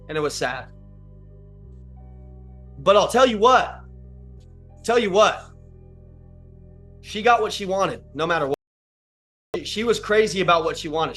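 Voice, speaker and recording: Man, motivational speaker, earnest, repeats phrases, high voice, echoey room, faint music behind. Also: measured pace, long pauses, fairly bright tone. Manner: earnest, repeats lines for emphasis. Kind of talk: emotional motivational storytelling. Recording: roomy, from a distance, faint music.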